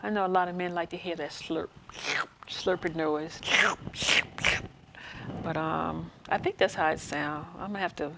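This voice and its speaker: Host: gravelly-voiced woman, lowish pitch, frank casual talk over light hiss. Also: steady tone, a little slow, long pauses. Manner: frank, chatty, answers chat questions aloud. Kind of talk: casual live-stream chat.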